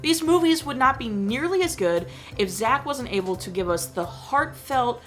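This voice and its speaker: A young woman vlogger ranting in casual chat about a movie, animated and exasperated, with lots of filler words. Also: a little high, normal speed, soft background music.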